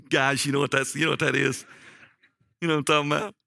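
A man preaching a sermon, telling a personal story and rising in pitch for emphasis. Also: brisk, creaky, dry recording, clean studio sound. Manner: animated, jumps up in pitch for emphasis.

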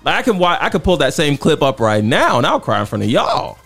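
Male podcast co-host, gravelly and earnest, lively pitch, faint music underneath. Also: brisk. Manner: questioning, earnest, a little defensive. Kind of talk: casual debate chat.

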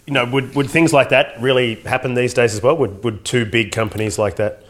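A man's voice: medium pitch, fairly even intonation, fairly quick, a bit bright. A man co-hosting a casual film podcast, talking in a rambling, hesitant way. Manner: rambling, hesitant with many ums. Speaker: podcast co-host.

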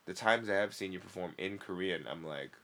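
A stand-up comedian in casual chat, talking loosely with slang and swearing. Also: male voice, low-pitched, a little fast, sharp tone.

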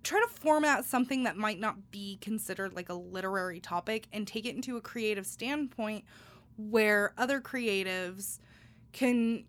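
A woman's voice: medium pitch, a bit bright. A young woman hosting a podcast, reading announcements and chatting in an upbeat way with many fillers and restarts. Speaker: podcast host. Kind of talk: casual podcast chat with announcements.

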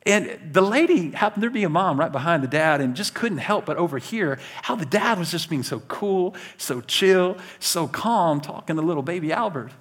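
A pastor preaches a sermon to his church in a high-pitched voice at a moderate pace with few pauses. He's animated and conversational, laughing along with his stories and addressing the congregation directly.

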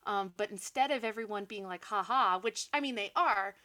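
A young woman talks through a film plot in loose, animated podcast chat. Her voice is bright and crisp, and she laughs often and drops sarcastic asides. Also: mid-range voice, brisk. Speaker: podcast co-host. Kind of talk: casual movie recap chat.

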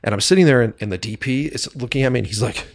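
A man on a podcast, a filmmaker guest, telling a story from his film set in a lively, casual way and swearing freely. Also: mid-range voice, fast talker. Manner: animated storyteller who swears freely and acts out quoted dialogue.

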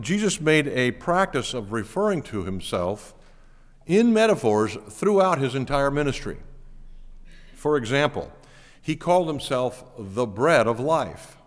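A male pastor delivers a teaching sermon with earnest emphasis. His pitch swings lively up and down as he stresses key points. The voice carries a long reverb from a large church hall.

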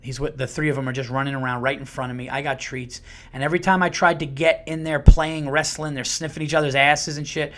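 A man in his thirties or forties hosting a podcast, telling a story in a casual, profane, animated way and acting out quotes with sudden jumps in pitch and loudness. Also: fast talker. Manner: profane and conversational. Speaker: podcast host.

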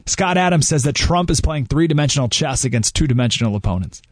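A man's voice: mid-range voice, animated, quick pace, dry recording, clean studio sound. A man hosting a talk radio show, giving emphatic commentary full of rhetorical questions.

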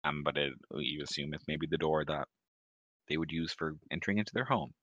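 A man's voice: rumbling low, fairly quick, fairly bright tone, no echo, highs cut off. A man running a tabletop game as game master, narrating casually with plenty of ums.

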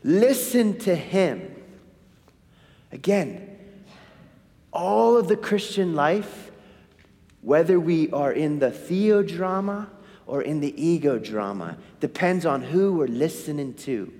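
A man's voice: on the high side, slow. A man preaching a sermon in a church, asking his listeners questions and answering them himself. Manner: animated, asks the congregation questions. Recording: hall reverb.

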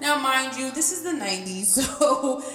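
A woman's voice: high voice, moderate pace. A young woman co-hosting a casual chat, telling stories with a lot of laughter. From New York area. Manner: animated storyteller who laughs often. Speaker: podcast co-host. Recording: roomy reverb with faint music.

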